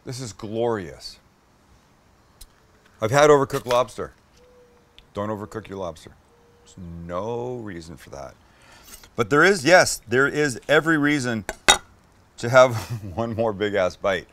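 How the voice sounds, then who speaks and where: Excitable man hosting a cooking show. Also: medium pitch, a little slow, pauses often. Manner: enthusiastic, swears, talks to camera while eating. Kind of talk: casual cooking demo with tasting.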